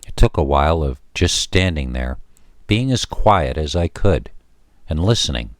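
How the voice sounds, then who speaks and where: A man with a very deep voice narrates a first-person scary story in a measured, steady way. The sound is dry and close, with no room around it. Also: no echo.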